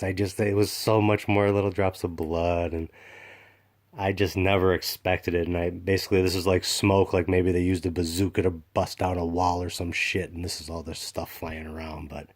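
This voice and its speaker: A man casually showing off comic books in a rambling vlog, excited and full of fillers and restarts. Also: low voice. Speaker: comic book collector vlogger. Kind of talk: casual show-and-tell vlog.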